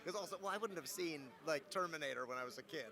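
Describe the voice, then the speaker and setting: A man's voice: on the high side, fast. A young adult man, a voice actor, telling stories in a casual interview, playful and joking. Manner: playful, joking, animated storyteller. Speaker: voice actor guest.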